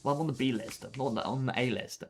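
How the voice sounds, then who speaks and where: Talking very fast in a medium-pitched, darkish voice, a young male streamer plays a game live. He's playful and boastful, chatting back to his audience casually, with clear background noise in the recording.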